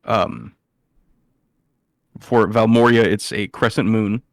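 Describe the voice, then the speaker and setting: A man's voice: fairly low pitch, fairly even intonation, takes it slowly, dry recording, studio quality. A man narrating as game master, hesitant with many fillers.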